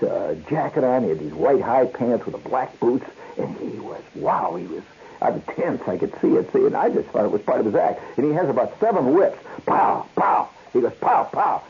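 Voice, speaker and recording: Man telling a lively radio story. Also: medium pitch, fairly quick, slightly rough. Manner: animated, acts out voices and sounds, laughs often. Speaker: radio host. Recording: dull lo-fi 1970s radio broadcast with hiss.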